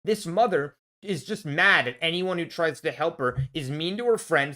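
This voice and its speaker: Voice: medium pitch, lively intonation, moderate pace, few pauses, bright, forceful tone. A vlogger ranting in a casual film review, angry and blunt, swearing heavily and restarting when worked up.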